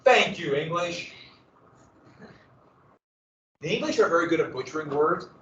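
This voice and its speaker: Man, history teacher, casual joking lecture, slightly high voice, distant muffled classroom recording. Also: expressive, unhurried, fairly bright tone, roomy sound, slight background noise. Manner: casual, joking asides, dramatic emphasis.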